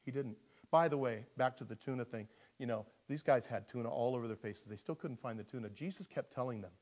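A male pastor preaching a sermon in an animated storytelling manner, dropping to a hush and rising to shouts. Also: mid-range voice, fairly quick.

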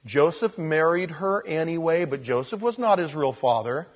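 A man, a pastor, preaching an expository sermon, swinging from loud emphasis to quiet asides. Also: fairly high pitch, lively intonation, moderate pace.

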